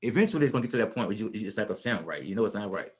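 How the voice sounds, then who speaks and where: A man's voice: lowish voice, animated, rapid-fire, slight background noise. A middle-aged man teaching a Spanish class in an informal, folksy way, often repeating and restarting his words.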